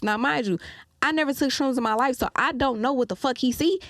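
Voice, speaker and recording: A woman guest on a podcast, telling a story in a casual, animated way, swearing freely and acting out what people said. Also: fairly high pitch, brisk, dry recording, clean studio sound. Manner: animated, profane, acts out quoted lines.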